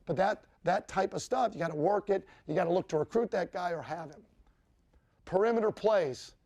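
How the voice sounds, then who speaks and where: A football coach walks players through film in a blunt, emphatic way, swearing freely as he makes his points. His voice sits high for a man and carries a gravelly rasp. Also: moderate pace, a little mellow. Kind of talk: film-room coaching talk.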